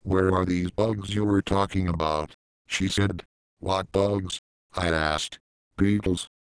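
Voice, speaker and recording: A man reading a first-person story aloud, voicing both sides of a dialogue in a flat, low-key way. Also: slow, clear, resonant tone, no room sound, poor audio. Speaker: narrator.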